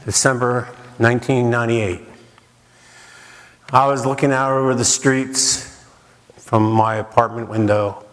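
A man's voice: medium pitch, fairly even intonation, a little slow, pauses often, a bit bright. A man preaching a sermon in a dramatic way, with rhetorical questions and repeated lines for emphasis. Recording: long reverb of a large hall.

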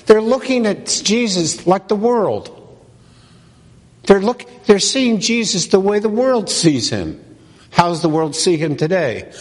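Man, pastor, sermon, slow emphatic delivery, slightly high voice, long hall reverb. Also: animated. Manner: slow, emphatic preaching with repeated questions.

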